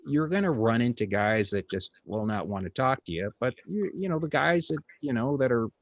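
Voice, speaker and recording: A man's voice: mid-range voice, animated, fairly quick, dry recording, dull audio. A middle-aged man, a comedian hosting an interview, telling a story in a casual, rambling way with lots of fillers, restarts and blunt, crude words.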